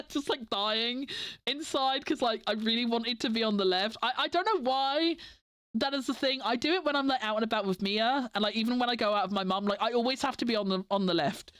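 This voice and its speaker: A woman's voice: fairly high pitch, normal speed, fairly bright tone, no room sound. A young woman chatting casually on a livestream, rambling with many "like" fillers and frequent giggles. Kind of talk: casual chat stream.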